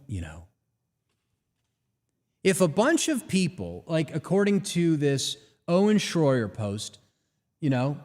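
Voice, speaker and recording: A man hosting a live talk show, delivering an animated, ranting monologue full of rhetorical questions. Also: mid-range voice, long reverb tail. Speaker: host.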